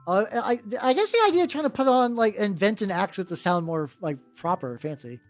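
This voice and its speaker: Brief: lively, sing-song streamer with a mid pitch who rambles and swears, over faint background music. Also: a little fast. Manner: rambling, heavy on fillers, swears freely. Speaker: streamer painting miniatures. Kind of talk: casual live-stream chat.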